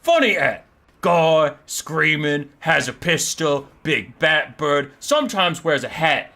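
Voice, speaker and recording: A man hamming up a loud boastful ogre chief. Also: on the high side, full character voice.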